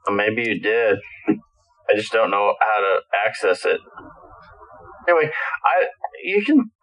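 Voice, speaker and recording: A man playing a tabletop game over a voice call, talking in a quick, offhand way. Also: fairly low pitch, very animated, highs cut off. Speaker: player.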